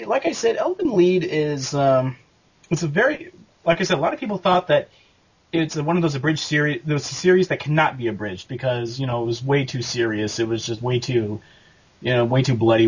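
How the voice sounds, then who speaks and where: Husky man rambling through interview answers. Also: medium pitch, muffled recording. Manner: rambling, halting, with many fillers and restarts. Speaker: abridged series creator and voice actor.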